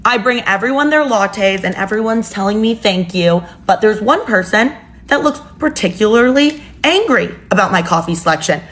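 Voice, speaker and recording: Casting: young woman, casual storytime narrator, chatty, mid-pitched voice. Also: animated, moderate pace, fairly bright tone. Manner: chatty, exasperated asides.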